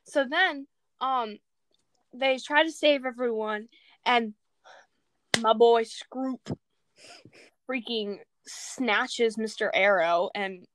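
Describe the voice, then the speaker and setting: A young woman retelling a movie in a casual chat, excitable and rambling, laughing often. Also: fairly high pitch, takes it slowly, pauses often, no room sound.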